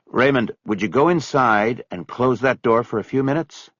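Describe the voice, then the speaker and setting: A man voicing a middle-aged man who talks in a curt, forceful way, close to his own low voice. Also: normal speed, no room sound, muffled recording, natural voice. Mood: tense. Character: angry, clipped middle-aged man holding back rage.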